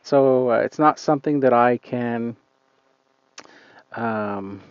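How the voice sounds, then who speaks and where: A man's voice: mid-range voice, slow, smooth, dry recording, dull audio. A man hosting a casual live stream outdoors, rambling and hesitant with lots of fillers, talking into a phone. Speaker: lawn care channel host. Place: outdoors on a client's lawn.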